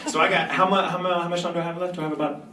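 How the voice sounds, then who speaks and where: A man's voice: high-pitched, rapid-fire, crowd noise. Chatty man on a panel in an echoey hall. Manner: animated, chatty, self-mocking, acts out quotes. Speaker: voice actor on a convention panel. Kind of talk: storytelling Q&A panel. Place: large convention hall. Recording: echoey convention hall from far off.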